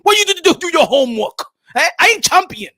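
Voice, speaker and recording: A man doing a comedic impression of a boastful, indignant African male boxer, with a put-on African accent, shouting and sing-song in his complaints. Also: extremely high pitch, very animated, fast, no room sound, studio quality, voice pushed up, exaggerated voice.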